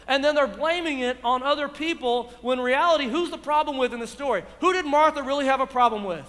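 A man's voice: extremely high pitch, fast talker, hardly any pauses, a bit bright, big-room sound. A man preaching a sermon, asking his congregation rhetorical questions. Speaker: pastor. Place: church.

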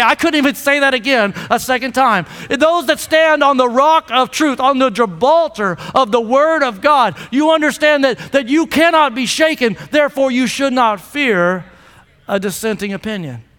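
A man's voice: extremely high pitch, a bit bright. A man preaching a sermon as pastor, emphatic and calling out to the congregation for a response. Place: church sanctuary. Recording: long reverb of a large hall.

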